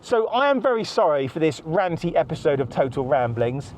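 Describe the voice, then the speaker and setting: Angry, high-voiced man ranting. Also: very animated, brisk, a little hiss or hum. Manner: angry, heavy swearing, repeats himself. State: stressed and agitated. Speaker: podcast host. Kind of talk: ranting monologue.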